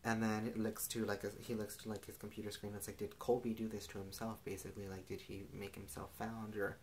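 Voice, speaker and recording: A young man casually recapping a TV episode, rambling and filling every pause with "like" and "and stuff.". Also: lowish voice, level tone, slight background noise, poor audio. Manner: rambling, heavy use of "like" and "and stuff".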